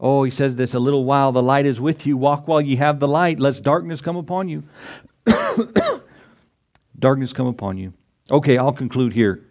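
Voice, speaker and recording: A man's voice: mid-range voice, normal speed, pauses often, a little mellow. A man preaching a sermon as pastor, emphatic and full of rhetorical questions, acting out the voices he quotes.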